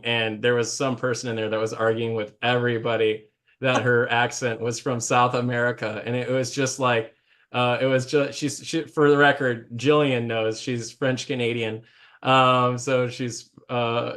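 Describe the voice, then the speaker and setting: A man's voice: mid-range voice, fairly bright tone. Rambling, joking male show host. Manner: rambling, self-interrupting, jokey. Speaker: live trading show host. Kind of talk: casual live stream chat.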